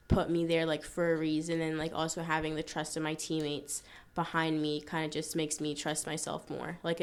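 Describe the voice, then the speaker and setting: A young woman from Florida, a student-athlete guest chatting casually in an interview, with frequent "like" fillers. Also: deep voice. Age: young adult.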